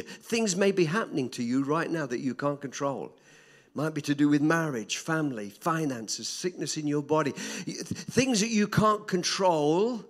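An older man preaching a sermon, swinging between loud emphatic repetition and soft hushed drops. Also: fairly high pitch.

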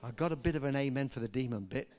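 An older man preaching a sermon, telling stories and rising to loud, emphatic peaks. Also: mid-range voice, very fast, some chatter behind. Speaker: pastor.

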